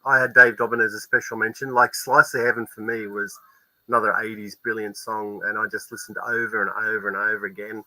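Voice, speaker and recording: Australian-raised male co-host, laid-back, bright tone, dead-dry mic. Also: lowish voice, fairly quick, no room sound, low-quality recording. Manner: relaxed, chatty, swears casually. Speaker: music show co-host. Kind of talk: casual music chat.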